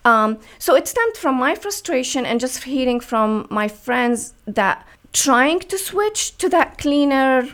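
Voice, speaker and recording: A woman's voice: high voice, lively intonation, slow pace, hardly any pauses, fairly bright tone. A woman from the Middle East, a business founder talking earnestly as a radio guest, with many fillers and restarts. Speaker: guest, beauty brand founder. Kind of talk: radio interview.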